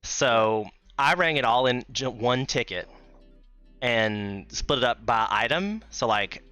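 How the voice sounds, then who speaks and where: Bright-voiced man telling stories. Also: mid-range voice, takes it slowly, faint music behind. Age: 30s. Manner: animated, swearing storyteller. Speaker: podcast host. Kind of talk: casual chat.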